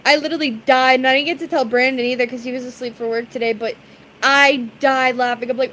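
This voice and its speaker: Woman, streamer, high-pitched, giggly, chatty, casual talk with viewers. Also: fairly even intonation, quick pace, fairly bright tone, a little hiss or hum, rough recording. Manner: chatty and giggly, greets chat viewers by name. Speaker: live streamer.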